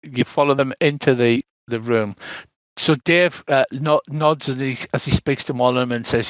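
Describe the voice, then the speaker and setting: An older British man running a tabletop game as game master, narrating scenes with dramatic pauses. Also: medium pitch, dry recording, dull audio.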